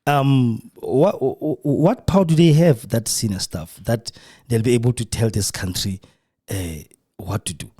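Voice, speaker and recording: A South African man hosting a live radio podcast from a studio. He comments in a mocking, animated way and acts out the voices he quotes. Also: medium pitch, measured pace, husky. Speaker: podcast host.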